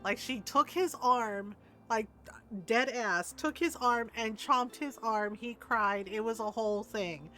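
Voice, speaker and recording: An older woman streamer telling a family story in casual chat, animated and laughing often, with frequent asides of "right?". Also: on the high side, takes it slowly, soft background music. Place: home streaming setup.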